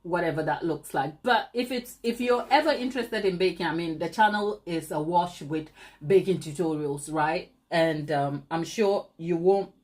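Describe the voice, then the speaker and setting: A woman's voice: fairly low pitch, moderate pace, a little mellow. A woman hosting a baking channel, chatting and teasing viewers during a live stream while she decorates, laughing often.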